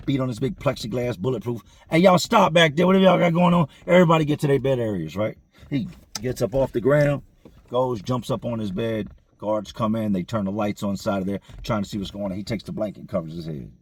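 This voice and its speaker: A man's voice: medium pitch, darkish tone, slightly rough. A man casually telling a story in slangy street vernacular, with frequent conversational asides to the listener.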